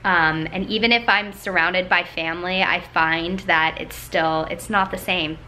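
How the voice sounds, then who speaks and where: A woman's voice: on the low side, steady tone, measured pace, pushed and bright, a little hiss or hum. A young woman vlogging casually at home, chatty and gushing, with plenty of filler "like"s. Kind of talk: casual vlog talk to camera.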